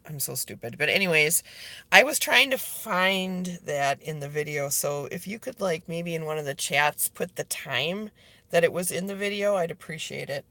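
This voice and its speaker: This is a woman livestreaming from her workplace, speaking bluntly and swearing freely. She answers viewer comments and calls people by name. Her voice is very bright and cutting, and her pitch rises and falls a lot. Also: no echo. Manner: blunt and profane; talks straight to viewers by name. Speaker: vlogger.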